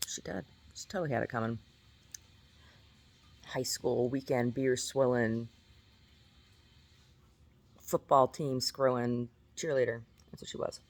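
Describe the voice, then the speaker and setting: Rambling gravelly woman vlogger. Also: a bass voice, measured pace, pauses often. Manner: rambling, laughing, self-mocking storyteller; repeats words and restarts often. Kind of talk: casual monologue to camera.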